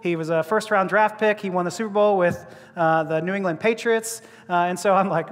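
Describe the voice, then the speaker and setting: Guy preaching, high voice, big reverby church hall, animated storytelling w laughs. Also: a little fast. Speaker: pastor. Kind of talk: sermon with personal story.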